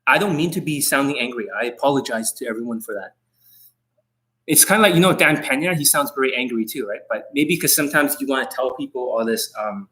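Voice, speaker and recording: A man's voice: mid-range voice, animated, fairly quick, bright, forceful tone. Intense, profane man coaching on a live stream. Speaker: dating coach.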